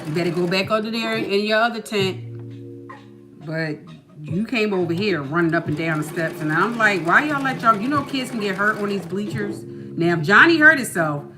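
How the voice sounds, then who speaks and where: Speaking at a moderate pace with medium pitch, this woman vlogger tells stories in a chatty way, wandering into plenty of asides. Music can be heard behind her casual talk.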